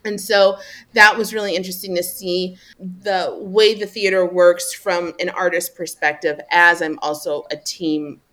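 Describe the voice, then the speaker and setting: A woman's voice: fairly low pitch, level tone, measured pace, fairly bright tone. A woman talking in a casual interview about her marketing work, chatty and upbeat with many fillers. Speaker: marketing manager.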